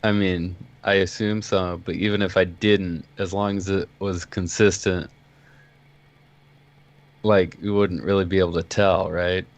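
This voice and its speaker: A man's voice: low-pitched, level tone, a little slow. A man at a tabletop game answering hesitantly, thinking aloud. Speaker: player.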